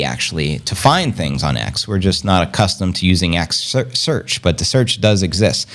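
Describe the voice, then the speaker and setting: A man hosting a casual livestream, rambling upbeat and slangy, reading out viewer comments and giving shout-outs. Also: medium pitch. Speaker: crypto livestream host.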